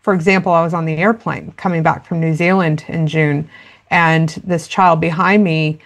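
Gravelly-voiced woman explaining parenting earnestly. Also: low-pitched, steady tone, moderate pace. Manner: earnest, explanatory, acts out quoted dialogue. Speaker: parenting expert guest. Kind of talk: conversational interview.

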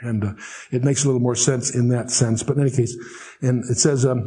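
A man teaching the Bible verse by verse, reading scripture slowly and solemnly, then explaining it in chatty, wry asides. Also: mid-range voice, steady tone, warm tone.

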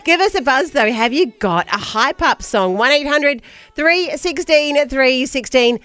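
A playful Australian woman hosting morning radio, her voice bright and lively as it leaps up and down in pitch. She chats in bouncy breakfast banter into a close studio microphone, dry with no room sound. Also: no echo. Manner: playful, bubbly, quick to laugh. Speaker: radio co-host.

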